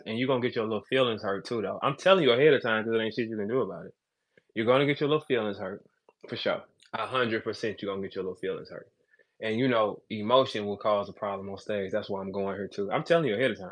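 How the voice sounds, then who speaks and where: A man hosting a casual talk show, taunting and mocking someone in profane slang. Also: mid-range voice. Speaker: show host. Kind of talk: casual trash-talk commentary.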